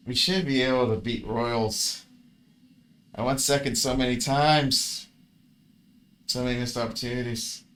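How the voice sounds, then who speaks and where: A man's voice: medium pitch, a bit bright. Frustrated man cursing through a card game. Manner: frustrated, swearing, grumbling at bad luck. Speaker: card game player commentating his match. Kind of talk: casual gameplay commentary.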